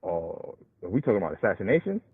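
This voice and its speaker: A man hosting a call-in show, arguing casually and slowing down to quote scripture. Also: low voice, very animated, dry recording. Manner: argumentative, halting, restarts and slows to quote scripture. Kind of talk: casual debate. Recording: husky voice over a tinny phone-like line.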